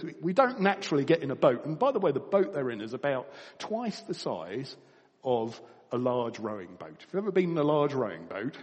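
A man preaching to a congregation, his voice swinging from ringing highs to low, quiet stretches. He chuckles between points as he tells the story. The sound carries a long reverb from a church hall. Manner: storytelling with animated rises and soft drops. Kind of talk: sermon.

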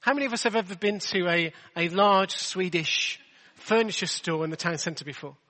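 A man's voice: high voice, normal speed, sharp tone, big-room sound. A man preaching a sermon in a chatty, self-deprecating way, full of rhetorical questions. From England.

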